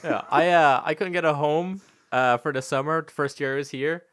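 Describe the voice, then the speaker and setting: A man's voice: moderate pace, smooth. A young man in his twenties, raised in Spain, with an Irish accent that has an American tinge. He rants and swears freely on a casual podcast. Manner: animated ranting, swears freely, jumps high when exasperated. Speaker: podcast co-host.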